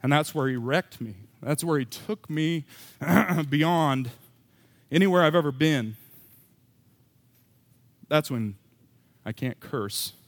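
A man's voice: on the high side, takes it slowly, pauses often, no echo. A man preaching a sermon as pastor, candid and self-deprecating, with emphatic rising bursts.

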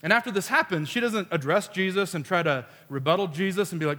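Guy preaching w a funny story, doing little voices, kinda high voice, big echoey church. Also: fast talker, bright, forceful tone. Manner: storytelling with playful quoted voices. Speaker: pastor. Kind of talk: sermon.

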